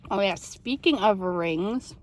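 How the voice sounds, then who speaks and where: A woman's voice: medium pitch, animated, takes it slowly. A young woman in a casual vlog, chatting to viewers while eating through a big meal, rambling and easygoing. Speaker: mukbang vlogger. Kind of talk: casual eating chat to camera.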